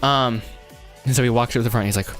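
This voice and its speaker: A man's voice: medium pitch, steady tone, fast talker, a bit bright, soft background music. Rambling, chuckling man streaming live. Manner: rambling, self-interrupting, laughs often. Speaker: animation filmmaker livestreaming his script writing. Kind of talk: casual livestream chat.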